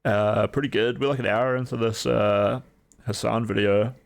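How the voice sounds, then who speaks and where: Gravelly New Zealand man, rambling. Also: on the low side, steady tone, moderate pace. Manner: rambling, filler-heavy, laid-back. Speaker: streamer. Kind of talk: casual stream commentary.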